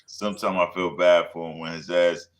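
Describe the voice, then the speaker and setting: A man co-hosting a show, chatting casually in loose, slangy banter with quick laughs. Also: low voice, flat delivery, a loud crowd. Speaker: podcast co-host. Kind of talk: casual chat.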